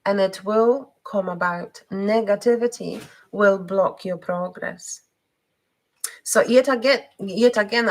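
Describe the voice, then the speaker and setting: A woman giving a live spiritual card reading, speaking haltingly with many pauses, fillers and restarts. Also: medium pitch, poor audio.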